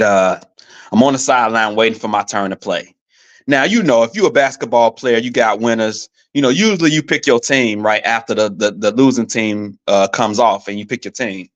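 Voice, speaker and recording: A man hosting a live sports podcast, talking casually, with a slightly rough, coughing throat, pausing with frequent ums and asking viewers for their opinions. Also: lowish voice, fairly bright tone. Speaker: podcast host. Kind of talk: casual live-show commentary. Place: staying abroad in Paris.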